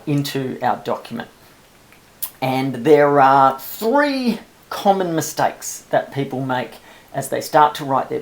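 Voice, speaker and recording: Man, gravelly, chatty self-amused teacher, screen-recorded tutorial. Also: medium pitch. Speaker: publisher teaching new authors.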